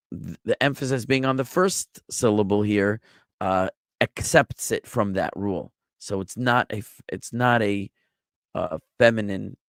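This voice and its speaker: A rabbi giving an online Bible Hebrew lesson, explaining step by step in a patient way with small jokes. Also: male voice, on the low side, gravelly, no echo, studio quality. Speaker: rabbi teaching a Hebrew class.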